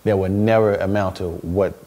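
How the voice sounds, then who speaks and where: Man in his thirties, low register; casual interview guest, laughs through his stories, repeats himself. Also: normal speed, a little hiss or hum. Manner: animated storytelling, laughs often, repeats words. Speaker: interview guest, stay-at-home dad.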